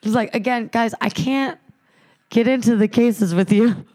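A woman telling a wild personal story on a podcast, profane and animated, acting out the other people in it. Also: a little high, measured pace. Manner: animated, profane, acts out quoted voices. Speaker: podcast guest. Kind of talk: casual storytelling chat.

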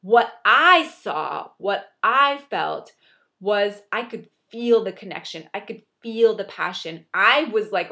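A woman's voice: mid-range voice, animated, takes it slowly, bright, forceful tone. Young woman talking straight to camera, earnest pep talk, repeats stuff for emphasis. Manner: earnest, encouraging, repetitive emphasis. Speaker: motivational speaker. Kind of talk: motivational monologue.

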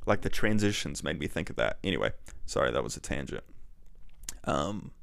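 A man's voice: a bass voice, very animated, moderate pace, gravelly, a bit bright, no echo, studio quality. A young man casually reviewing and ranking movies, chatty and rambling, often going off on tangents.

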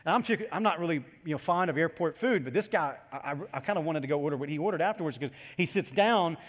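A man preaching a sermon to his congregation as pastor, animated and storytelling as he goes. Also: a little high, fast, long reverb tail.

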